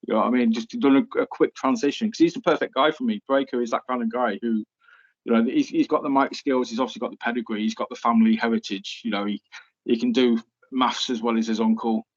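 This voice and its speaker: A man's voice: medium pitch, fairly even intonation, fast talker. A man co-hosting a casual podcast, giving confident, opinionated takes and speaking to his listeners. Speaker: podcast co-host. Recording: muffled lo-fi audio.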